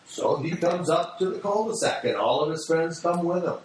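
A middle-aged man delivers a sermon in a folksy, blunt storytelling manner, his voice set fairly high. He is heard from some distance across a large, very echoey hall, with a faint hum of room noise behind him. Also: lively intonation, moderate pace, hardly any pauses. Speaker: preacher. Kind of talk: sermon with personal stories.

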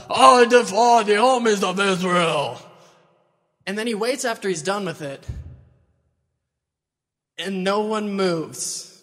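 A young man preaching in a chatty, casual way, retelling a Bible story and acting out the quotes. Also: high voice. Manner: chatty, uses "like" a lot, acts out quotes. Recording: long hall reverb.

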